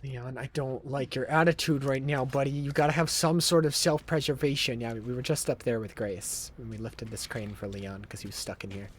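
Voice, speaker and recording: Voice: medium pitch, fairly even intonation, a little fast, few pauses. A game streamer giving live commentary in a mid-range voice, swearing freely and complaining dramatically. Laughs break in often. Faint noise sits behind.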